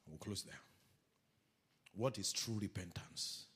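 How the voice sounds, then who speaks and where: A man preaching a sermon as pastor, animated, calling the congregation to read scripture aloud with him. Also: low-pitched, takes it slowly, slightly rough.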